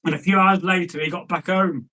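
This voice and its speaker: A man tells an old folk tale in a loose, conversational way. He wanders off into asides and then picks the thread back up, and his voice sits fairly high for a man. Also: fairly even intonation, a little fast, sharp tone, low-quality recording. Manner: chatty, digressive, with asides to the listener. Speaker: storyteller. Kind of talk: casual folk-tale storytelling.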